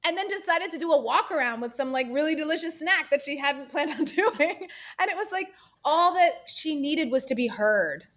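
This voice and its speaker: A woman's voice: high-pitched, lively intonation, moderate pace, a bit bright. A woman producer as an interview guest, telling stories from film sets in an earnest, chatty way with frequent laughs. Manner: earnest, storytelling, laughs often. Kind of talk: casual interview talk.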